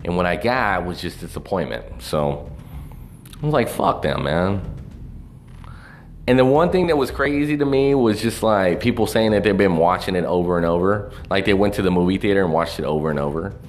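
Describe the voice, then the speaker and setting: Profane rambling man with a low voice. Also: animated, fairly quick, a little hiss or hum. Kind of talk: casual movie review rant.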